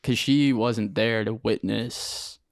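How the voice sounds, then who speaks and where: A young man, a podcast guest, telling his story in an animated, slangy way with lots of acted-out quotes. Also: on the low side, slow, no room sound, studio quality. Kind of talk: casual storytelling interview.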